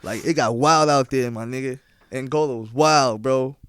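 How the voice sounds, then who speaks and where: A man's voice: medium pitch, normal speed, a bit bright, clear, resonant tone, no room sound, clean studio sound. A young man, a DJ being interviewed on a podcast, telling stories in casual slang and often asking "you feel what I'm saying?". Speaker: guest DJ.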